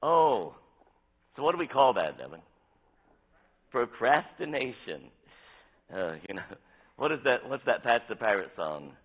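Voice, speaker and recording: Pastor guy preaching casual, asks the room stuff, husky voice, sounds like it's over a phone. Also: medium pitch, measured pace, pauses often, narrow, tinny audio. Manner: conversational, animated, asks the congregation questions. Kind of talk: interactive sermon.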